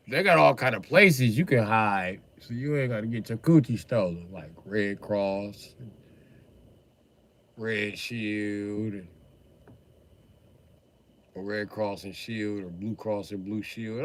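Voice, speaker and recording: A man on a livestream who rants about cars in a profane, excitable way, now and then bursting into a shout. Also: fairly low pitch. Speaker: livestreamer and car mechanic. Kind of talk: profane ranting livestream chat.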